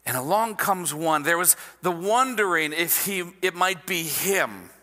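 A man preaching a sermon in an animated, conversational way, often checking in with his listeners. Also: a little high, a little slow, in a large hall. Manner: animated, conversational, asks the audience "right?". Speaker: pastor.

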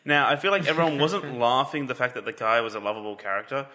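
Fast, bright-voiced stammering man. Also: mid-range voice. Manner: stammering, repeats words. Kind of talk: casual film review chat.

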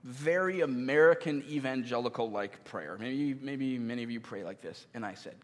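A man's voice: mid-range voice, expressive, moderate pace. A man in his thirties preaching a sermon in a casual, conversational way, with self-deprecating humor. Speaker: pastor. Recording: long hall reverb.

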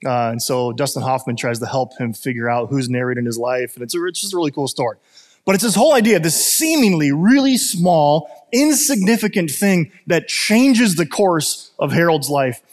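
A man with a slightly higher voice preaching in a loose, conversational way, full of "uh"s and restarts as he tells stories. His voice rings out with a long reverb, as in a church hall. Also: lively intonation, normal speed. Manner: conversational, storytelling with many fillers. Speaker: pastor. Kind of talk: sermon.

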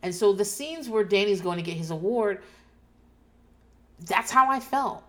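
A woman's voice: mid-range voice, a little slow. A woman hosting a podcast, recapping a show in a casual rant and swearing freely. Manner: ranting, swears freely, animated asides.

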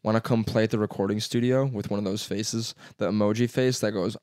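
A man's voice: on the low side, steady tone, fairly quick, darkish tone, clean tone, dry recording. A young man with a blocked, stuffy nose, chatting loosely and rambling on a podcast. He swears freely and laughs a lot. His voice sits close and dry, with no room sound. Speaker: podcast co-host. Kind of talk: casual chat.

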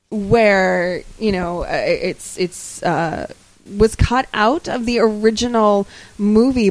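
A woman's voice: lowish voice, no room sound, poor audio. A woman co-hosting a podcast in casual chat, rambling and often searching for her words. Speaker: podcast co-host.

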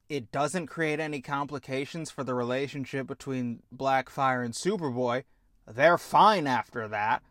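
Exasperated man ranting, slow and sarcastic. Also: fairly high pitch, a bit bright, dry recording, clean studio sound. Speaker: show host. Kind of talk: ranting TV review.

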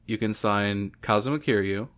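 A man's voice: lowish voice, normal speed. A man co-hosting a casual podcast, recapping a video game and tossing in characters' lines as he goes. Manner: relaxed, acts out characters' lines in passing. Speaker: podcast co-host.

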